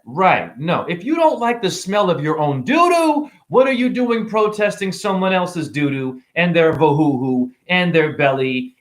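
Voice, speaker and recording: A man with a high voice that leaps all over its range rants through a rambling spiritual monologue to camera. He preaches, jokes and swears casually. He keeps exclaiming as he talks. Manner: animated, preachy, joking, exclaiming. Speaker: spiritual vlogger.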